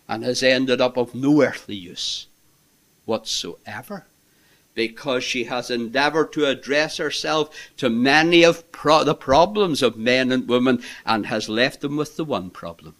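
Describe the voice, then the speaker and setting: Male preacher, slow deliberate delivery, impassioned sermon with hushed asides. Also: medium pitch. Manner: impassioned, swinging between loud emphasis and hushed asides.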